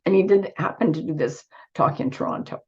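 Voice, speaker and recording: A woman giving an earnest online talk with slides, her voice squeaky from a cold and her phrasing full of restarts. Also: fairly quick. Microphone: video call. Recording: dull lo-fi video call audio.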